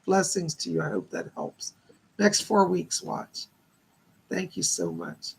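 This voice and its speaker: This man's high-pitched voice swings hugely in pitch and sounds slow and creaky, with slight background noise. Hosting a live stream as a psychic medium, he chats warmly, offers readings and spirit messages, and reads out questions from viewers.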